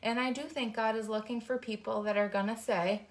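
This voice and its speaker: A woman's voice: on the high side, fairly even intonation, a little fast. Earnest fired-up woman vlogger. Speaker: host of a faith-based vlog. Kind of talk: heartfelt encouraging talk. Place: indoors, folding t-shirts.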